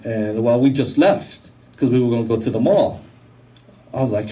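A man giving a personal testimony, telling his story in a halting, emotional way with many restarts. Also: mid-range voice, dark tone, recorded from a distance, low-quality recording. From United States. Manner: halting, repeats words, emotional.

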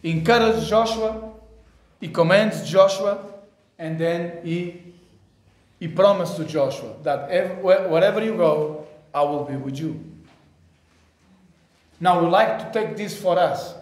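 A man preaching at a church service, his voice sitting high for a man. He asks rhetorical questions and swings between hushed passages and raised ones. The sound carries a roomy church reverb. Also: measured pace, long pauses. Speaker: pastor. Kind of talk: sermon.

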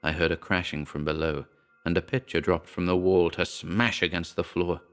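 Man, very deep voice, dramatic horror narration, measured, faint music behind. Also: steady tone, a bit bright, clear, resonant tone. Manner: measured, dramatic first-person storytelling. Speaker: audiobook narrator.

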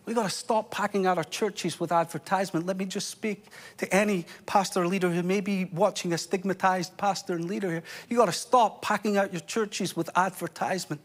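A Scottish man preaching a sermon as pastor, impassioned, with sudden drops to a hush. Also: high-pitched, steady tone, fairly quick, hardly any pauses. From Scotland.

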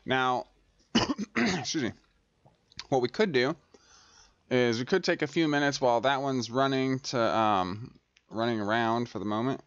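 A man talks through his gameplay in a loose, rambling way, often stopping to correct himself. His voice sits at an ordinary middle pitch. The close mic sounds dry and a little dull, with faint mouse clicks behind him. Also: unhurried, pauses often, no room sound. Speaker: gaming channel host. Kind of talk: casual gameplay commentary. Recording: dry, slightly dull home recording.

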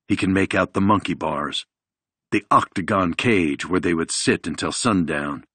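A man reading a thriller audiobook in a measured, even delivery. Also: low-pitched, breathy edge, no room sound. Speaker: audiobook narrator. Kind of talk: scripted audiobook narration.

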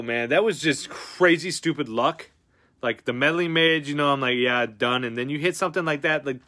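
Excitable slangy man streaming card breaks. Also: mid-range voice. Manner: excitable, swings from loud outbursts to breathy mutters; slangy, says dude and bro a lot. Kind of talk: casual live-stream chat.

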